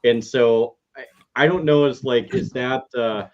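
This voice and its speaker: A man asking a panel question with a halting, searching delivery. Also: mid-range voice, a little mellow. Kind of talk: casual panel talk. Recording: dull lo-fi audio.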